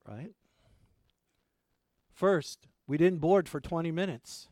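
A male pastor delivering a sermon, his voice a touch higher than most men's and notably smooth and resonant. He keeps tossing rhetorical questions to the congregation, rising to loud emphatic lines and then dropping to quiet asides. The sound is dry and close, with little room around it. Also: measured pace, pauses often, dry recording.

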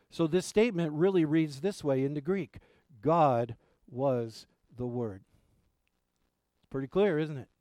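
Male pastor, sermon delivery, emphatic swells and soft fading endings, mellow dark tone, dry close sound. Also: on the high side, no room sound. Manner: emphatic preaching, dropping to soft endings and rising for stress.

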